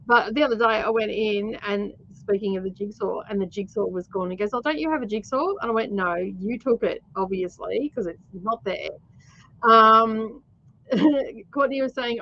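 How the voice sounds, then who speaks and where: A woman with an Australian accent hosts a casual livestream, rambling through stories with plenty of fillers and frequent laughter. Her voice is a little high with a fairly bright tone, captured in lo-fi sound.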